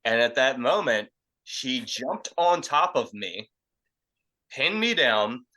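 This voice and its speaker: A young man's medium-pitched voice is very animated but slow-paced as he casually tells a crude story for a podcast. He rambles, curses, leans on fillers, and delivers quotes loudly. The recording quality is low.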